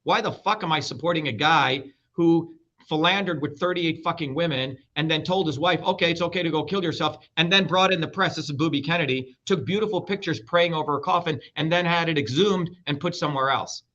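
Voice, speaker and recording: A middle-aged man argues as an interview guest, blunt and profane, cutting across his host. His voice is bright and forceful and sits a little high. The sound is dull and lo-fi. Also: a little fast, hardly any pauses. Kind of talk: heated interview talk.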